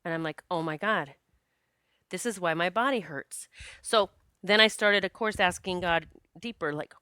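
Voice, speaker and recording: A woman podcast host and psychic medium telling a personal story in a casual, animated, earnest way, with many restarts and quoted self-talk. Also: on the low side, moderate pace, smooth, no echo, studio quality. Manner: spiritual, earnest.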